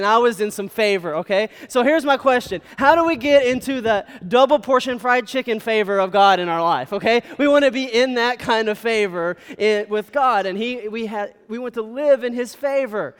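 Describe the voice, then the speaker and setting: A high, smooth-voiced male pastor preaches a sermon. He talks like he's telling a story, and keeps checking in with his listeners. His voice carries through a large hall with a long reverb. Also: normal speed, few pauses. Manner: storytelling, conversational, frequent "okay?" checks.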